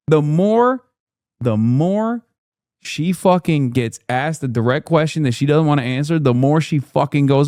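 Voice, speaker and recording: Guy ranting on a political stream, swears a lot, kinda high voice, dry sound. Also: lively intonation, unhurried, darkish tone, no room sound. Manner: blunt, profane, exasperated ranting. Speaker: political commentator. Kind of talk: live-stream reaction commentary.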